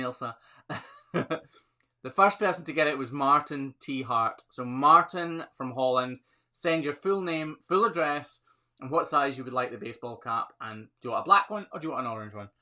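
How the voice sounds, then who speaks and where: A Scottish man with a pushed, bright, medium-pitched voice livestreams a casual Q&A on his phone. The hoof trimmer stays chatty and upbeat, reading viewer comments and laughing often.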